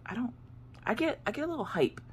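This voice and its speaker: A sassy woman in her late thirties tells a story on her vlog in casual chat. Her pitch swings widely as she acts out what everyone said. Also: fast, slightly rough. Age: 30s. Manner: animated, sassy, acts out quoted voices. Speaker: crafting vlogger.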